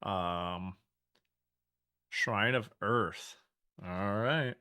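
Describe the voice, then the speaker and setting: A man's voice: on the low side, drawn-out words, bright, forceful tone, smooth. A man streaming a game he is playing for the first time, chatting casually with sarcastic, exasperated remarks, swearing and laughing. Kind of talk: casual gameplay commentary.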